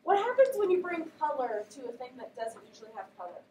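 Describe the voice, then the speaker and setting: Woman teacher, high voice, recorded from a distance with faint noise behind. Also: fast. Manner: animated, questioning students. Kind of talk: classroom read-aloud and discussion. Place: classroom. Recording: echoey classroom, voice from a distance, faint background noise.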